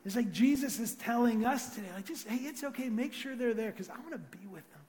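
High-voiced man preaching in a hall. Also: brisk. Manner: conversational, animated, drops to soft intimate tones. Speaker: pastor. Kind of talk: sermon.

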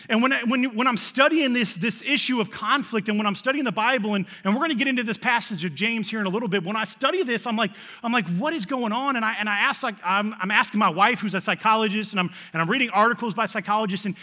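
High, bright-voiced pastor. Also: male voice, long reverb tail. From central Illinois, USA. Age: 30s. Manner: animated, repeats words and restarts phrases. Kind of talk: sermon storytelling.

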